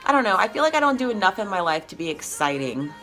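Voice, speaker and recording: A woman's voice: medium pitch, big pitch swings, fast, bright, forceful tone, low-quality recording. A woman competing in bodybuilding, talking casually to camera in a chatty, openly emotional way. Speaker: bodybuilding competitor vlogging her show day. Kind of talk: casual vlog talk to camera. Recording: background music and crowd chatter.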